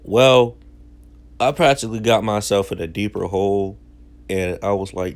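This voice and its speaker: A man's voice: fairly low pitch, steady tone, a little slow, long pauses. A young man casually telling a story from his childhood in slangy, self-mocking talk. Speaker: vlogger.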